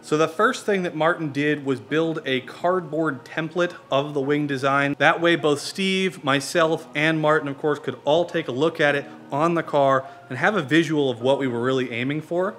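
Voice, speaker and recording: A man hosting a car build vlog, talking in a relaxed, conversational way with frequent fillers. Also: fairly high pitch, normal speed, hardly any pauses. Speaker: car build channel host. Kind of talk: casual build vlog narration.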